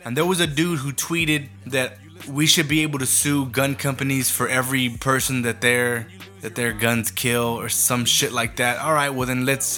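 A man's voice: mid-range voice, steady tone, normal speed, bright, forceful tone, soft background music. A man in his fifties ranting sarcastically in a casual talk, heated and swearing. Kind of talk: casual rant.

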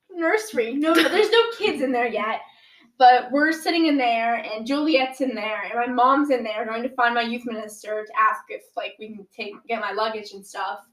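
Teen girl rambling through a dramatic story, kinda high voice, lots of "like", roomy echo. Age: teens. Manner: animated, dramatic retelling with many "like"s. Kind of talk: casual storytelling.

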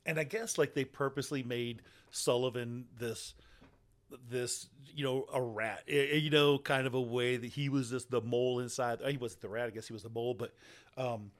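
A man's voice: mid-range voice, steady tone, normal speed. Rambling, profane podcast co-host man. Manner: rambling, profane, laughs often. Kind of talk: casual movie podcast chat.

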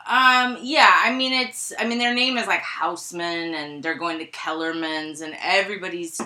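Bright-sounding woman cohost rambling through a movie chat, giggles a lot. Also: lowish voice, normal speed. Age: adult. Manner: rambling, trails off, lots of fillers and laughs. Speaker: podcast co-host. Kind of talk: casual chat about movies.

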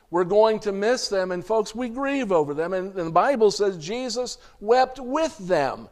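A man preaching a sermon, reading scripture aloud and speaking to the congregation as "folks," with the odd throat-clear and restart. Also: high-pitched, animated, a little slow, hardly any pauses, darkish tone.

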